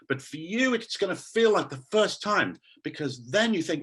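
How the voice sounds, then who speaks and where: A man leading an online teacher training session over a video call, enthusiastic and animated as he quizzes his audience. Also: on the high side, normal speed, breathy edge. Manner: quizzes the audience, reads names from chat.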